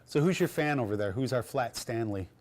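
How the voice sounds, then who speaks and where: A woman with an extremely deep voice interviews a chef, talking fast. She mostly gives short backchannel replies and throws in quick, casual questions. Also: animated, darkish tone.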